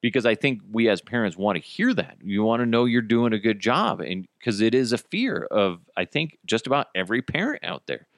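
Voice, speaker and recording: A low-pitched man in his thirties, recorded close with almost no room sound. He talks casually as a podcast host, swears freely and throws his voice into the quotes in his stories. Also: big pitch swings, a little fast, hardly any pauses, dry recording. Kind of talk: casual storytelling chat.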